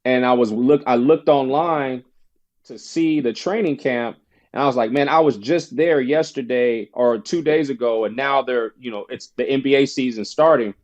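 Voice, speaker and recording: Male podcast guest, animated storyteller doing other people's voices, mid pitch, somewhat lo-fi. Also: moderate pace. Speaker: podcast guest, former basketball player. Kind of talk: casual storytelling interview.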